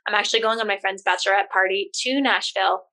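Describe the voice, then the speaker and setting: Fast-talking, laughing woman with a Jersey accent. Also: mid-range voice, steady tone, pushed and bright. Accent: New Jersey. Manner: quick, laughing often, sprinkled with "like" and swearing. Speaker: podcast co-host. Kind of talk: casual chat.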